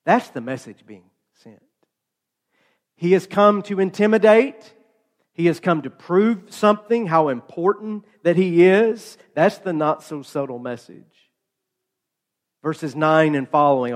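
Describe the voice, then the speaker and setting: A man preaching a sermon, telling stories in a conversational way with playful asides. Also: a little high. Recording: long hall reverb.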